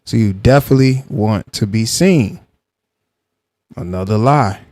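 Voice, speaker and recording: A man hosting a live reaction stream, arguing with a guest and then calmly explaining his side to the chat. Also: fairly low pitch, a little slow, no room sound. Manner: argumentative, calm when explaining to chat.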